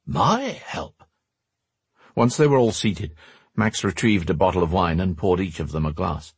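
Deep, husky male audiobook narrator. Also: moderate pace, dry recording. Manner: steady, expressive storytelling. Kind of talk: scripted fantasy audiobook narration.

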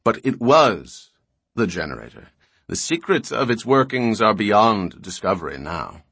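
Guy reading a patient old scholar explaining slowly in a storybook, lowish voice, dry close sound. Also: very animated, a bit bright, slightly rough, dry recording, heavily acted. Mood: grave.

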